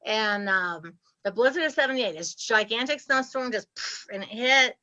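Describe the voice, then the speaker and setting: A woman, telling her story as an interview guest with lively, laughing animation. Her voice sits fairly high and sounds bright and forceful. The audio is a bit muffled and lo-fi. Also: moderate pace. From Ohio, US Midwest. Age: 60s. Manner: animated, laughs often, acts out her past self.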